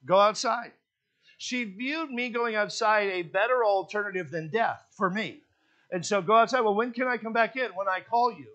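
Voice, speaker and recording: Male pastor, high voice, folksy humorous sermon delivery in church. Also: moderate pace, muffled recording. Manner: folksy, joking storyteller with lively emphasis.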